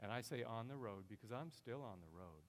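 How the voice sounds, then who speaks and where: A middle-aged man preaching a sermon with passion, his voice swelling loud and high as he drives his points home. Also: expressive, a little fast. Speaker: pastor.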